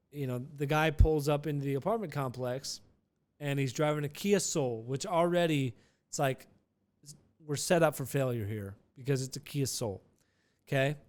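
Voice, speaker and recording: A man's voice: mid-range voice, darkish tone. A man telling a casual, rambling vlog story with many restarts and some profanity.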